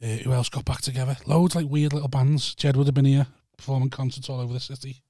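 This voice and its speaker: A man's voice: medium pitch, fast talker, no echo, clean studio sound. Blunt, sweary man. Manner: blunt, sweary, deadpan banter. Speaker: podcast host. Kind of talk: casual chat.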